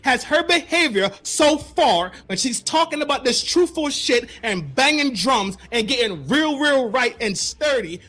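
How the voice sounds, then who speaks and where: A man hosting a podcast, delivering a mocking commentary rant with rapid-fire repeated words. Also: very high-pitched, lively intonation, pushed and bright. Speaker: podcast host.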